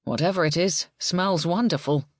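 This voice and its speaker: A woman's voice: lowish voice, moderate pace, dry recording, clean studio sound, lightly acted. A woman voicing a cheerful young man, a designer, with a teasing, easygoing way of talking.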